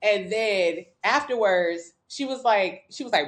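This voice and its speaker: A fitness coach from Miami, Florida, with a Southern US accent chats candidly on a casual live stream, swearing as she goes. Her voice is mid-range and her pace measured, and she comes across as gossipy and chatty.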